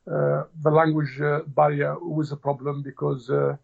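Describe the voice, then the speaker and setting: A middle-aged football manager from Tunisia, talking in a relaxed interview with many fillers and restarts. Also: male voice, a little high, normal speed, gravelly. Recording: dull lo-fi audio.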